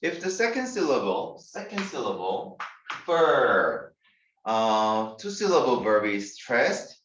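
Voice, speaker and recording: Male English teacher, Korean accent, slow and deliberate, spells words letter by letter; distant echoey lo-fi room sound. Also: mid-range voice, big pitch swings, noisy background. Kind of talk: grammar lecture.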